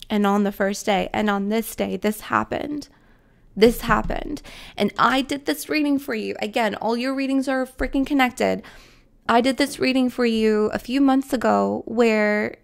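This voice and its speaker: A woman's voice: fairly high pitch, creaky. A woman giving a spiritual tarot reading to camera, emotional and tearful, repeating her phrases and swearing casually. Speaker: tarot reader.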